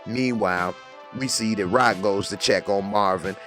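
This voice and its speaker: A man's voice: lowish voice, moderate pace, faint music behind. A man giving a casual, slangy recap of a TV episode and quoting the characters as he goes. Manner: slangy, lively retelling with quoted lines. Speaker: TV recap reviewer.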